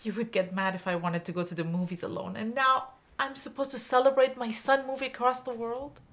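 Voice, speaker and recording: A woman's voice: on the high side, fairly even intonation, fairly quick, fairly bright tone. An actress playing a distressed, grieving immigrant woman who stammers in bewilderment. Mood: bitter.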